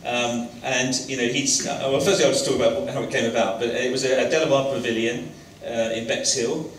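A man's voice: mid-range voice, fairly even intonation, fairly quick, slight background noise. A man hosting an on-stage interview in a college lecture hall, talking hesitantly with many fillers and restarts. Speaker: interviewer, host of the talk. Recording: roomy hall from a distance.

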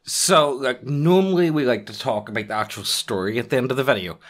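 A man with a bright, forceful voice runs through a casual channel outro at a quick clip. He rambles, swears freely and leans on fillers. His pitch sits in the middle range for a man. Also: faint music behind. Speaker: channel host.

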